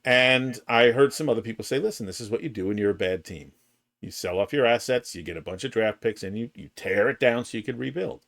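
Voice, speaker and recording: A man's voice: mid-range voice, creaky, a bit bright. A man co-hosting a sports podcast in casual chat, building his points step by step. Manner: measured, builds points in lists. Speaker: podcast co-host.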